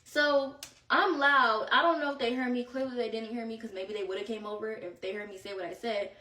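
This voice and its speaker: Young woman host, casual slangy storyteller, higher pitch, echoey room sound. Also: fairly even intonation, fairly quick, pushed and bright, recorded from a distance. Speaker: podcast host. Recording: roomy echo, set back from mic.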